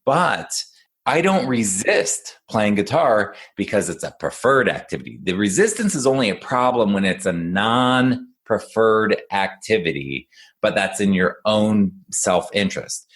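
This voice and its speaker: A man with a very low voice talks through ideas as an executive function coach on a casual podcast. He explains patiently and encouragingly, and tells stories in an animated way. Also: unhurried.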